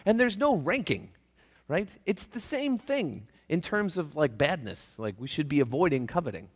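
A man's voice: high voice, big pitch swings, normal speed, slightly rough, big-room sound. A man preaching a casual, joking sermon to his church. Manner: folksy, joking, acts out voices. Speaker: pastor. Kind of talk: conversational sermon. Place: church sanctuary.

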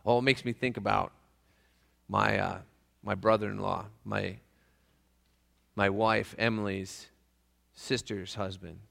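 A man's voice: lowish voice, steady tone, slow, vocal fry, long pauses, a bit bright, in a large hall. A man preaching a casual, joking sermon to his church. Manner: folksy, joking, acts out voices. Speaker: pastor. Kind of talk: conversational sermon. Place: church sanctuary.

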